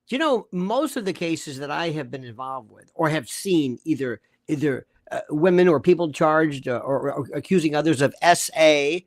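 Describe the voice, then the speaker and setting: Animated, emphatic former prosecutor, man. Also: a little high, moderate pace, few pauses, no echo, clean studio sound. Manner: animated, emphatic, repeats himself. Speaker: legal commentator, ex-prosecutor. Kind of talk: heated commentary.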